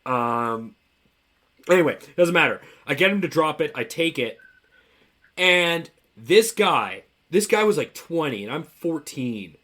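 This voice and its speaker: A young man co-hosting a podcast, telling animated stories in casual chat and laughing often. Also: fairly high pitch, unhurried. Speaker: podcast co-host.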